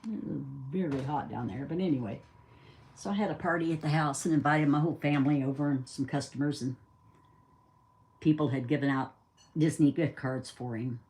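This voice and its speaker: A woman's voice: deep voice, brisk, darkish tone. Chatty older woman telling a story. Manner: chatty, rambling, acts out dialogue. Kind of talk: casual spoken storytelling.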